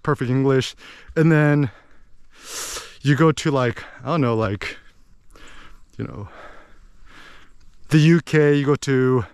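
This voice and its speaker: A young American man talking casually about learning languages, animated and digressive, full of asides and tag questions. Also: mid-range voice, smooth, dry recording. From United States. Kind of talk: casual explanatory monologue.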